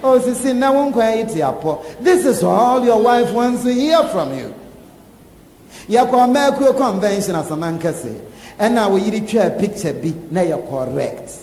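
A man with a Ghanaian accent preaching a sermon, animated and laughing, acting out quoted lines. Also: high voice, unhurried. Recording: echoey hall with faint ambience.

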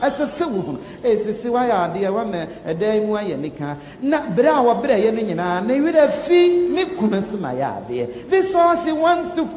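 A man preaching a sermon, animated and often laughing as he talks. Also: extremely high pitch. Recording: echoey hall with faint ambience.

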